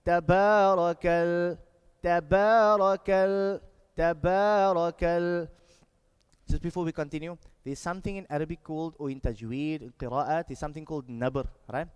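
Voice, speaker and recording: Man, teacher, high smooth voice, slow drawn-out drilling, long hall echo. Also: a little mellow, lo-fi sound. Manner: instructive, repeats words slowly and drawn out. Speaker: Quran memorisation teacher. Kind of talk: leading group recitation drills.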